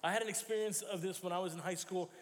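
High-voiced man preaching in a reverberant sanctuary. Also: fairly even intonation, quick pace. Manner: storytelling with acted quotes and self-corrections. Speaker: pastor. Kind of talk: sermon. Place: church sanctuary.

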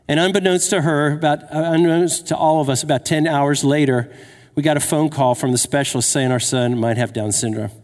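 A man in his fifties preaching a sermon, telling a personal story and asking the crowd questions, with jokes along the way. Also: on the high side. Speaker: pastor. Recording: long hall reverb.

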